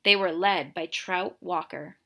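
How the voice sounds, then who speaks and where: A woman reading a novel aloud for her students, in a clear, steady storytelling voice. Her tone is bright, with a gravelly fry at the ends of phrases. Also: lowish voice, unhurried. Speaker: reader, teacher.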